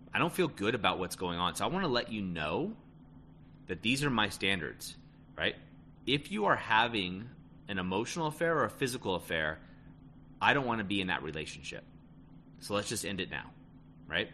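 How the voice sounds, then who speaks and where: A man whose voice sits on the low side sounds pushed and bright while giving casual relationship advice. He's emphatic, frequently tags lines with "right?", and keeps saying "end of story." Slight background noise is present.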